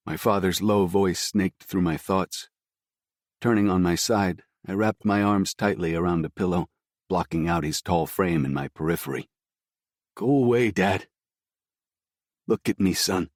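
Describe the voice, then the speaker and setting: This is a male audiobook narrator whose voice is deep and low. The first-person story comes across slow, somber and scripted, delivered steadily in a dry recording that sits close with no surrounding room.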